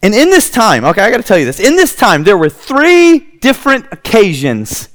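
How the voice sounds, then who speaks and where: A high-voiced man preaching to a congregation. He tells the story with animated voices for its characters and drops low and quiet when he quotes them. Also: brisk, hardly any pauses. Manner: retells scripture in lively voices. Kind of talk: sermon storytelling.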